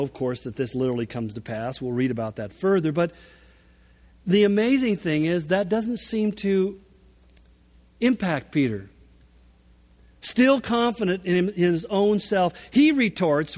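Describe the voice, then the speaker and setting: Male pastor, high voice, emphatic sermon, long hall reverb. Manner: animated, emphatic, dramatic shifts in volume.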